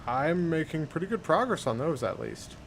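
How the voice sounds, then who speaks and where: A man's voice: fairly high pitch, big pitch swings, moderate pace, a little hiss or hum. A man giving casual gameplay commentary, easygoing and muttering to himself with plenty of fillers. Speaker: gaming channel host.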